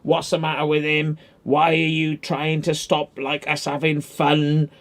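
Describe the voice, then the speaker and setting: Brief: man impersonating an angry defensive young man, higher voice. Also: completely flat delivery, a little slow, a bit bright. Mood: indignant. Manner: indignant, swearing.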